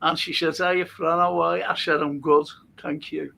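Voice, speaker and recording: An older man with a Liverpool accent hosts a casual chat, reading viewer comments aloud and telling stories while laughing often. His voice is a little high and gravelly, bright and forceful, with a flat delivery at normal speed.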